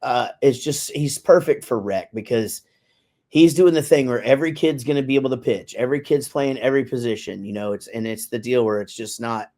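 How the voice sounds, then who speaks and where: A man's voice: medium pitch, fairly quick, dark tone. Middle-aged guy rambling on a podcast, loose and easygoing, drops a swear here and there. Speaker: podcast co-host. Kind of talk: casual chat.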